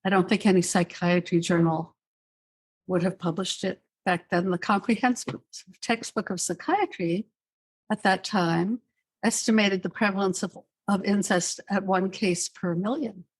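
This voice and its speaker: An older woman speaking as a psychiatrist guest in an interview, telling her story in a measured, thoughtful way with dry asides. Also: medium pitch, fairly even intonation, breathy edge. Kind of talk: reflective interview answers.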